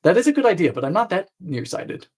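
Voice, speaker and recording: A man hosting a live baking stream, chatting playfully with viewers, trailing off and restarting, with sudden high squeals. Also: very animated, quick pace, a little mellow, breathy edge, rough recording. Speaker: baking show host.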